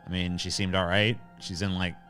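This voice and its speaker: A man with a lowish voice hosts a casual livestream and answers viewer questions one after another. He talks bluntly and sarcastically and swears often. Faint music plays behind him. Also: little pitch movement, normal speed, a bit bright. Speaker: livestream host reading chat.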